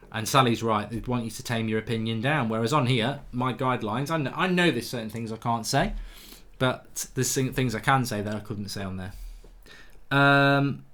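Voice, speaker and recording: A man's voice: medium pitch, a bit bright. A man hosting a live football fan stream, reading chat comments aloud and answering in a blunt, opinionated way with frequent restarts. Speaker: football fan channel host.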